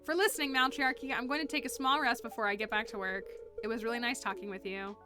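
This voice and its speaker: A woman voicing a warm, doting middle-aged single mother who scolds fondly and uses Spanish endearments. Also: on the high side, fairly even intonation, quick pace, over music, lightly acted. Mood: fond scolding. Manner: affectionate, sprinkles Spanish endearments.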